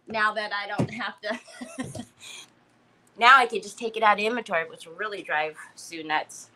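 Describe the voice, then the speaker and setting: A woman's voice: fairly high pitch, pushed and bright, poor audio. A woman hosting a casual craft livestream, greeting viewers by name and laughing often. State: recovering from a headache.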